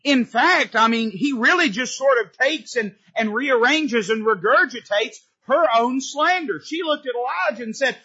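Forceful, husky-voiced preacher man. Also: lively intonation, normal speed, hardly any pauses, lo-fi sound. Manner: impassioned preaching with big pitch swings. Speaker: Baptist pastor. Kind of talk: sermon from the pulpit. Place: church sanctuary.

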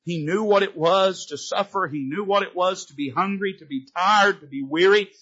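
A man preaching an impassioned sermon from a church pulpit, his pitch rising and falling sharply. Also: moderate pace, a bit bright, slightly rough, dull audio. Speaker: Baptist pastor. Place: church sanctuary.

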